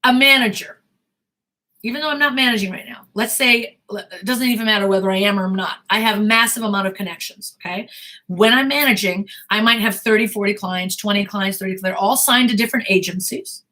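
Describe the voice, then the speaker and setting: A woman's voice: medium pitch, a little fast, pushed and bright. An American woman, a talent manager and acting coach, giving blunt, emphatic advice to actors in a live Q&A talk.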